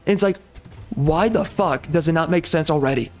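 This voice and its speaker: High-voiced man in an angry, profane rant. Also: a little fast, a little mellow, soft background music. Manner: furious, swearing constantly, repetitive; mocks others in a put-on sugary tone. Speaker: gaming streamer.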